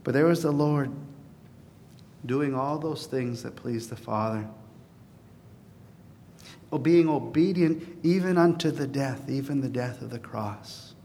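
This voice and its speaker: An earnest male pastor preaching from the pulpit, his voice rising to emphatic peaks before settling back low and confiding. His middle-pitched voice carries a long reverb through a large hall, with a faint low rumble underneath. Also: unhurried, long pauses. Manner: earnest, building to emphatic peaks then dropping soft. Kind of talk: sermon.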